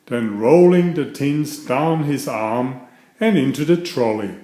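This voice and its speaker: A man reading a children's picture book aloud, with a slow, expressive delivery. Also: mid-range voice. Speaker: storybook reader. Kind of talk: children's story read aloud.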